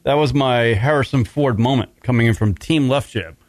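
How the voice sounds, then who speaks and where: A man's voice: medium pitch, normal speed, no echo. A middle-aged man hosting a radio show from a studio, in crude, rambling casual banter full of swearing. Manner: profane, rambling, laughs often. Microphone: studio mic.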